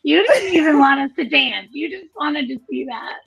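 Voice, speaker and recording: A woman on a video call, chatting playfully and excitedly during a live stream, often laughing. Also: high-pitched, normal speed, vocal fry, lo-fi sound. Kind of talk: casual live-stream chat.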